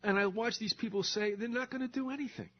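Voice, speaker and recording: A man's voice: sits high, quick pace. An older man hosting a talk show, ranting in a sarcastic, indignant monologue with mocking asides. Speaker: radio talk show host. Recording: dull lo-fi recording.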